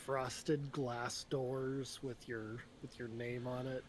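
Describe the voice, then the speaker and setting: A man narrating a tabletop role-play as game master, describing scenes in a relaxed, unhurried way. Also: medium pitch.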